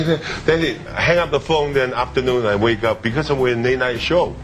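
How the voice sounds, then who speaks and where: A man telling a story as a talk show guest, speaking loudly in broken English. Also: medium pitch, fairly quick, few pauses, music in the background. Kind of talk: casual chat.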